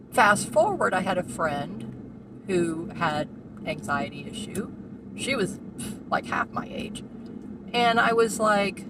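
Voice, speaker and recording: A woman in her sixties telling a meandering personal story while driving, full of asides and fillers. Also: mid-range voice. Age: 60s. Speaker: vlogger. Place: inside a car while driving. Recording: car road noise behind. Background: car engine and road noise.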